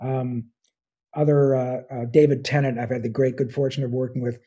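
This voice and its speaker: A man's voice: medium pitch, little pitch movement, normal speed, warm tone, husky. A man in his sixties, a voice actor talking as an interview guest, enthusiastic and rambling, with plenty of fillers. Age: 60s. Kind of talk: casual interview talk.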